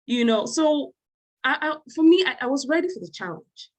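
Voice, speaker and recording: A woman from Africa speaking as a panelist on a video call, emphatic and building to animated peaks. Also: high-pitched, brisk, low-quality recording. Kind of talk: passionate panel discussion.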